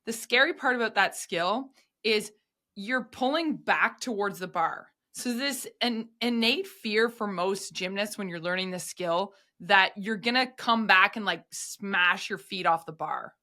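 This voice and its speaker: A woman who coaches gymnastics, telling stories in a casual podcast chat, animated and full of "like" fillers. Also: mid-range voice, unhurried. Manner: animated storyteller, many "like" fillers.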